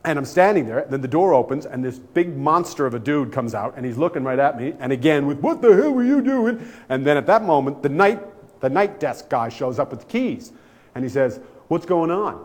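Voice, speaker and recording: A man telling a comic anecdote aloud in an animated way and acting out the voices of the people in his story. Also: mid-range voice, a little fast.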